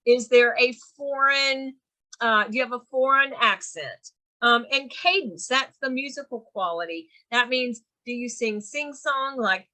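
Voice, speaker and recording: Lady teaching an online class, high bright slightly nasal voice, talks fast. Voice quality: somewhat nasal. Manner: quick, lively teaching with chat replies. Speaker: real estate instructor.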